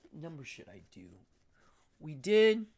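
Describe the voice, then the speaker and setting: This is a man with an English accent hosting a casual livestream monologue from home. His voice sits slightly high, and he rambles enthusiastically with frequent ums. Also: lively intonation, unhurried, darkish tone. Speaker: livestream host.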